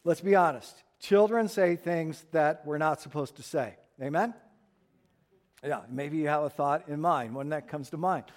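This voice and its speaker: A man's voice: fairly high pitch, measured pace. A man, preaching a sermon and telling stories with acted-out voices. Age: 60s. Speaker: pastor.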